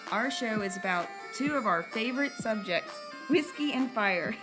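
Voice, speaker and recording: A woman's voice: fairly high pitch, lively intonation, moderate pace, over music. A middle-aged woman co-hosting a casual podcast, playful and easily sidetracked, giggling as she chats. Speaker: podcast co-host, retired firefighter. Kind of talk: casual chat.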